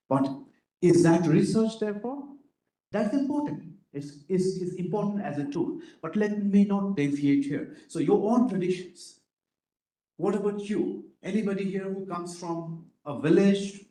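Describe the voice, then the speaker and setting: A man's voice: high-pitched, measured pace, warm tone. A man giving a workshop lecture to students, often asking them questions and tagging his points with "right?". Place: lecture room. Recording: roomy echoey lecture room.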